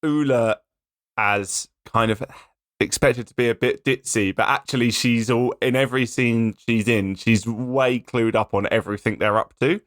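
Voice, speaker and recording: A man's voice: mid-range voice, fairly even intonation, normal speed, no room sound, clean studio sound. A man co-hosting a podcast, giving wry, laid-back takes on a film. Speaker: podcast co-host. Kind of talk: casual film review chat.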